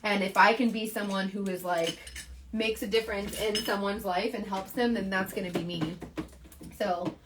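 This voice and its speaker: A woman's voice: medium pitch, fairly even intonation, moderate pace, noisy background. Chatty woman selling makeup live. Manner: rambling, filler-heavy, earnest. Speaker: makeup seller. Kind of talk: casual live stream chat.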